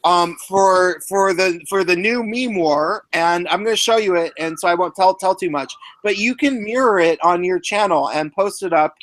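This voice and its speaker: Hesitant, high-voiced male streamer. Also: fairly bright tone, poor audio. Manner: hesitant, halting restarts. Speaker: streamer host. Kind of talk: casual chat.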